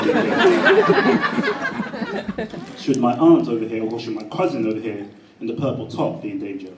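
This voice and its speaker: A man telling a personal story to a live audience in a chatty, animated way, often laughing. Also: medium pitch, echoey room, far from the mic, slight background noise, rough recording. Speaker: speaker at a live talk. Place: event room with an audience.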